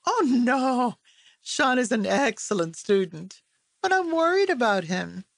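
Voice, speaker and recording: A woman narrator putting on a soft, sweet-voiced teacher from a storybook, gentle and polite, her voice lifted higher than the narration around her. She speaks with quiet concern, close and dry, with no room sound. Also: big pitch swings, a little slow, creaky, no room sound, exaggerated voice. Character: kind, soft-spoken female schoolteacher. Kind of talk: audiobook character voice.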